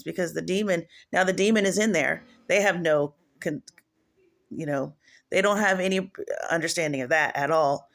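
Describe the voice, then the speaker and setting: Gravelly woman preaching in a rambling way. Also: on the low side, moderate pace, fairly bright tone. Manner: rambling, digressive, restless. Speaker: online prophetess. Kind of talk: casual home video preaching. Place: home.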